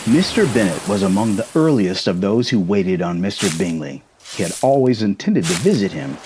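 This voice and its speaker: Soft-spoken man in whispered role-play. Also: lowish voice, background noise. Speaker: ASMR boyfriend role-play narrator.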